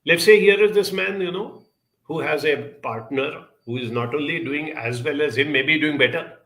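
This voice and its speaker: Earnest man with a bright voice. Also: fairly high pitch, moderate pace. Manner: earnest, storytelling, addresses listeners directly. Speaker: speaker. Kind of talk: reflective talk with a personal story.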